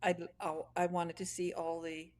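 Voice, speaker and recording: A woman's voice: lowish voice, level tone, moderate pace, a crowd in the background. Chatty woman host, laughing anecdotes. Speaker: podcast host. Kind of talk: casual interview chat.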